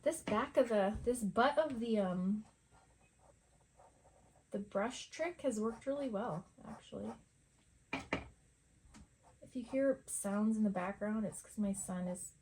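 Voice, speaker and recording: Middle-aged woman rambling at home, chatty, lots of little laughs, medium pitch. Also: slow pace, long pauses, darkish tone, a little hiss or hum. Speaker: art vlogger. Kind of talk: casual chat over painting.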